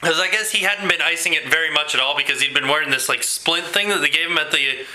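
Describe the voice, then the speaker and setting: A man talking in a rambling, animated way in a casual home video blog, quick to laugh. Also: on the high side, low-quality recording. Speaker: vlogger. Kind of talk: casual vlog chat.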